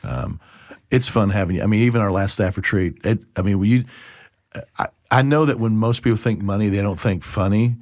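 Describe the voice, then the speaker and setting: A man's voice: lowish voice, fairly quick, a little mellow, no echo, studio quality. A man hosting a church podcast in a casual, chatty way, praising his guest and telling jokes. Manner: chatty, tells jokes with acted voices.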